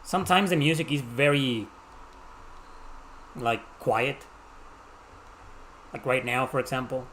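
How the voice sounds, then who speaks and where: A man's voice: medium pitch, slow pace, long pauses, a bit bright, a little hiss or hum. Mexican man doing casual game commentary. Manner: casual, joking, teases the game's characters. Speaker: game streamer. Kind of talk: live gameplay commentary.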